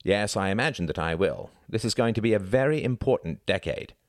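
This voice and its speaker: A man's voice: on the low side, lively intonation, a little fast, no room sound, pitched above the performer's own voice, natural voice. An awkward, earnest young Englishman from a storybook reading, voiced by a male narrator. He talks formally with a dry wit, recorded close and dry. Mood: wry.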